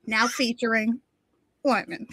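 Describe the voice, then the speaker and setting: A woman voicing a small-town Southern woman reading local news in a slow, deadpan, mock-serious put-on Southern accent. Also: a little high, no echo, pitched below the performer's own voice, exaggerated voice.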